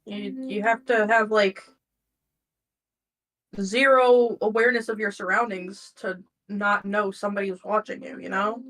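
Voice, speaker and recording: A woman's voice: mid-range voice, fairly even intonation, a little slow, fairly bright tone, low-quality recording. A woman playing a casual tabletop game, asking questions in an inquisitive way. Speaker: player.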